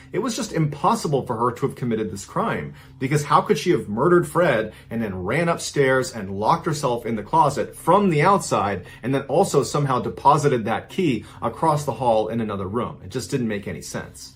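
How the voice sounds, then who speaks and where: A man hosting a storytelling show, recounting a true crime story in a conversational style with dramatic emphasis on key lines. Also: medium pitch. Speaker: host and storyteller.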